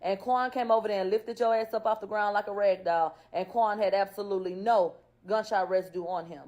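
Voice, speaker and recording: Woman, casual commentary, blunt and profane, rhetorical questions, talking straight to viewers, mid-pitched. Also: fairly even intonation, fairly quick, darkish tone. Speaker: YouTuber recapping court testimony. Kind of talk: casual commentary, retelling testimony.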